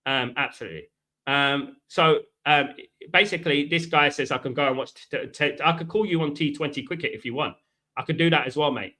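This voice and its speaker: A middle-aged Englishman with a slightly high, brisk, sharp voice hosts a live football stream. He answers viewers combatively and chattily, talking straight to chat and repeatedly dropping "mate" and "right."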